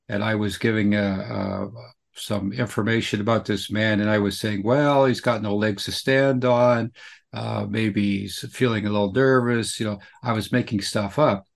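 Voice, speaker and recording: Male host, deep gravelly voice, conversational, affirming. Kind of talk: conversational interview.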